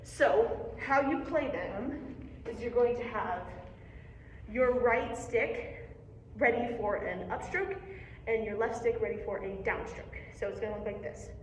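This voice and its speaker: In an echoey room with a distant mic, a young adult female percussion teacher explains strokes one step at a time, patient and encouraging. She speaks unhurriedly in a voice on the high side, over slight background noise.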